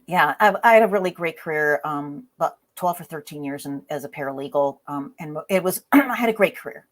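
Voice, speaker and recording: Lively woman telling a story. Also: low-pitched, a little fast. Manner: lively, acts out voices in her stories. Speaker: guest. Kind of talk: storytelling in an interview.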